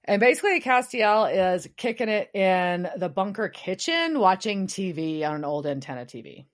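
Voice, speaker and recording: A woman co-hosting a podcast in casual chat, recapping and quickly acting out characters' lines. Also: mid-range voice. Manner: acts out characters' lines in quick, animated quotes. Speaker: podcast co-host.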